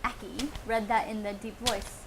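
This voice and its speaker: A woman's voice: mid-range voice, steady tone, moderate pace, crowd noise. A woman co-hosting a comic book podcast, teasing the others and the chat. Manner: teasing, giggly. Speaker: co-host. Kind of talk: casual podcast banter.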